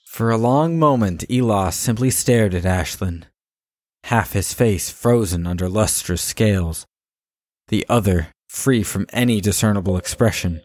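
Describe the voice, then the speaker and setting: A man narrating a fantasy audiobook in a measured, even storytelling manner. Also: fairly low pitch, no room sound.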